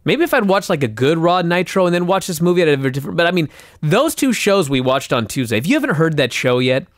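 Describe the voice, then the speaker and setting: An animated, fairly high-pitched male voice talks fast in a dry, clean studio recording. As a podcast co-host, he rants and swears in exasperated, casual conversation.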